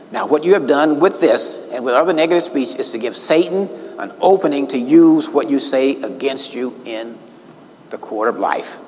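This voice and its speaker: A man preaching a sermon, emphatic and slowing down to stress key words. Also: medium pitch, in a large hall, slight background noise, poor audio. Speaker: minister. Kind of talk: sermon teaching from notes.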